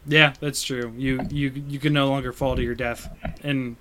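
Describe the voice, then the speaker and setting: A man hosting a casual chat about games over an online call, relaxed and chuckling often. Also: mid-range voice, normal speed, crowd noise. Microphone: video call. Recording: online call, connection glitches.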